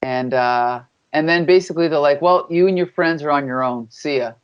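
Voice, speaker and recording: Man, podcast co-host, halting casual recap, filler-heavy, muffled audio. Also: fairly high pitch, clear, resonant tone. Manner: halting, many "uh"s and "and then". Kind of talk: casual chat recapping a comic.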